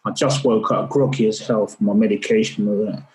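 A middle-aged man guesting on a podcast candidly and earnestly tells a personal story, often repeating words as he remembers. His lowish voice is steady in tone and fast, captured on a rough recording.

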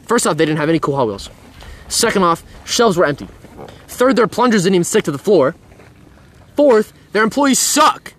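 Loud ranting teenage boy, high voice. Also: animated, brisk. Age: teens. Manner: loud ranting storyteller, swears a lot. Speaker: podcast co-host. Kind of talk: casual chat.

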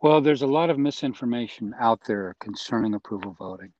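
A man's voice: mid-range voice, expressive, fairly quick, a little mellow, no echo, highs cut off. A man interviewed as a guest, earnestly and persuasively explaining his views in a conversational way. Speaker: interview guest, voting reform advocate.

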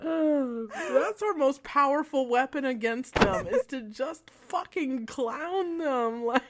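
A woman's voice: high voice, animated, slow pace, heavy background noise. A woman co-hosting a casual podcast chat, exasperated and cursing, breaking into hard laughter. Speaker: podcast co-host.

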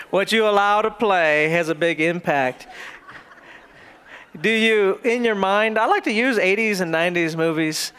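A man preaching a sermon as pastor, telling lively, humorous stories. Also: sits high, a little hiss or hum.

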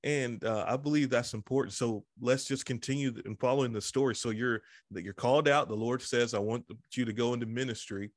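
A man's voice: mid-range voice, a little fast, few pauses, no echo, clean studio sound. A male host interviewing a guest, affirming and respectful, often humming along in agreement.

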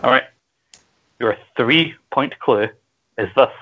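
A man's voice: mid-range voice, slow pace, a bit bright, dull audio. Scottish man hosting a quiz, crude jokes. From Scotland. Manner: crude, joking, explains rules at length. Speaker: quiz host. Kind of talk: casual podcast quiz.

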